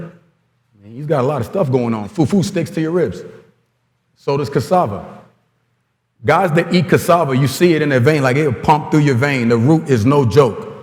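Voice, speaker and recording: A man in his forties giving an animated storytelling talk at a coaching conference, acting out quoted dialogue as he goes. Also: a little high. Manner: lively storyteller who acts out quoted dialogue. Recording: long hall reverb.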